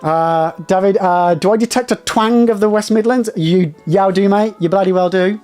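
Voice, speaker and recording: Casting: young male streamer, high voice, thrilled and still shaking from a victory, faint music underneath. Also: normal speed, a little mellow. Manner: elated and jittery, talking to chat in bursts. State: shaky with nerves after a win. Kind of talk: excited live-stream chat.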